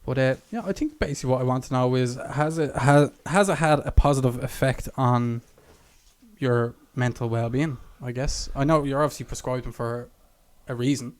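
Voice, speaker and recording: A man with a middle-pitched voice co-hosts a casual podcast. He rambles with plenty of fillers and drifts loosely from point to point. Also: normal speed. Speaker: podcast co-host. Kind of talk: casual chat.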